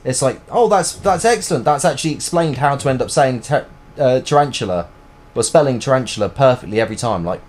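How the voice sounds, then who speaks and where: A man's voice: mid-range voice, fast talker. Chatty man streaming a game. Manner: rambling, chatty, joking. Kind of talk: casual live-stream gameplay chat.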